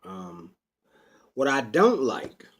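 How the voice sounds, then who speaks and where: A man talking to camera in a rambling personal vlog, unscripted and full of drawn-out ums. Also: medium pitch, very animated, breathy edge. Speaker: vlogger. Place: Pittsburgh.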